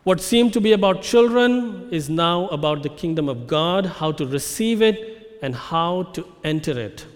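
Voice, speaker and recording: A man preaching a sermon, measured and emphatic, slowing down to stress key phrases. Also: on the high side, long reverb tail. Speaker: pastor. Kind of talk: expository sermon.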